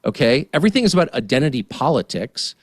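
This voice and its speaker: A man in his fifties giving a heated, indignant political rant as a studio guest, swinging between muttered asides and near-shouts. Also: mid-range voice, big pitch swings, quick pace, dry recording. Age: 50s. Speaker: guest commentator.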